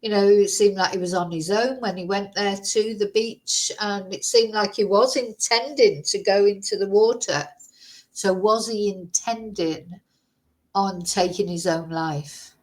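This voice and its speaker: A woman's voice: medium pitch, measured pace, rough recording. A woman vlogger in casual chat, thinking aloud and musing through lots of rhetorical questions.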